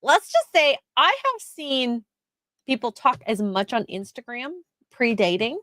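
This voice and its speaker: A woman co-hosting a casual chat show, with a lively, chatty, self-deprecating manner. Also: on the high side, measured pace, no room sound. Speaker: podcast co-host.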